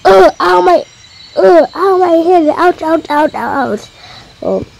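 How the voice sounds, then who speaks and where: A woman's voice: very high-pitched, lively intonation, takes it slowly, pitched above the performer's own voice, heavily acted. Woman putting on a shrieky, panicky little boy. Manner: yelping, shrieky cries of pain. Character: whiny hurt young boy, panicky.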